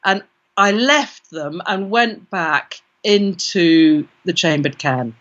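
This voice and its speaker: Bright-voiced British woman telling a story. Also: fairly low pitch, animated, takes it slowly. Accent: British English. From Britain. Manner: vivid first-person storytelling with quoted inner voices. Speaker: guest, parapsychologist. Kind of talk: storytelling in an interview. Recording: dull lo-fi recording.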